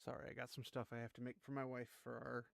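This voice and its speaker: Casual young male streamer, chatty and rambling, average pitch, dry close mic. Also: flat delivery, quick pace, gravelly, no echo. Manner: chatty, laughs often, rambling asides. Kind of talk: casual chat showing off collectibles.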